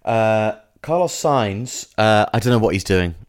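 A man co-hosting a comedy podcast, chatting casually and haltingly with a dry wit. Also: fairly low pitch, expressive. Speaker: podcast co-host.

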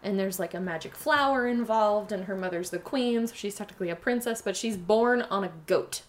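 A young woman chatting casually and retelling a fairy tale in a rambling, animated way. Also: mid-range voice, fairly quick, slight background noise.

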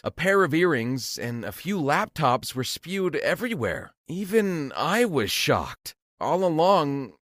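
Brief: male storyteller, dramatic and lively, dry close mic. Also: on the high side, no echo. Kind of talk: scripted story narration.

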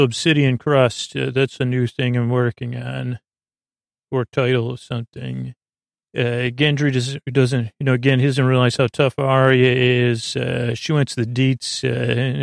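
A man's voice: medium pitch, vocal fry, no echo, studio quality. A man hosting a podcast, recapping a TV episode in a rambling, jokey way, often stopping himself mid-thought. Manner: rambling, self-interrupting, jokey, thinks aloud while checking the show.

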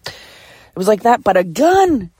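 A woman from Philadelphia hosting a casual solo podcast, chatty and quick to laugh, swearing freely as she tells a story. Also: medium pitch, big pitch swings, dark tone, husky, no echo, studio quality. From Philadelphia, USA. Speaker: podcast host.

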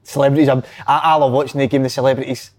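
A Scottish former footballer in casual chat, excitable and firing quick questions. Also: male voice, medium pitch.

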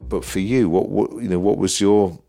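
A man working as a reporter, asking questions and describing a scene in a deliberate, descriptive way. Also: low voice, fairly even intonation, creaky, warm tone, soft background music. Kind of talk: interview and recollection.

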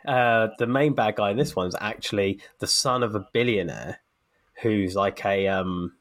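A man's voice: lowish voice, moderate pace, a bit bright. A man co-hosting a podcast. He chats casually and tells anecdotes, with plenty of fillers and restarts, while getting over a cold. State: recovering from a cold. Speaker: podcast co-host. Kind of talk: casual chat.

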